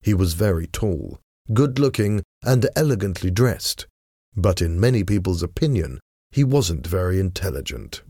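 A man narrating a story in a measured, even reading voice. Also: sits low, breathy edge, no echo, clean studio sound.

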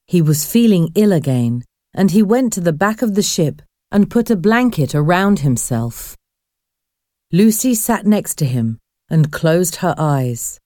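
A woman narrating a storybook in a slow, expressive reading voice. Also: on the low side, dry recording, studio quality.

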